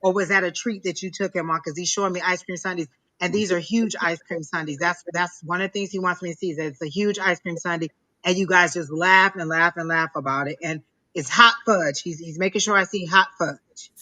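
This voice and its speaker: Woman tarot reader on a live stream, bright voice, keeps stopping and repeating herself. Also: on the low side, steady tone. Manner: emotional, halting, repeats herself. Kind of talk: live psychic reading.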